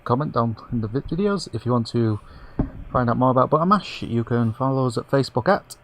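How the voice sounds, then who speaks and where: A man co-hosting a casual gaming podcast, his voice slowed and robotic from a bad internet connection. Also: mid-range voice, expressive. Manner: reads out show links in a quick, breezy way. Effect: slowed, robotic-sounding internet connection. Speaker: podcast co-host.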